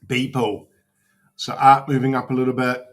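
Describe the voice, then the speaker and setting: A man's voice: medium pitch, level tone, normal speed. Casual swearing streamer man. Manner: casual, swears often, talks to chat while browsing. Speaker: crypto livestream host. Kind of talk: casual livestream chat.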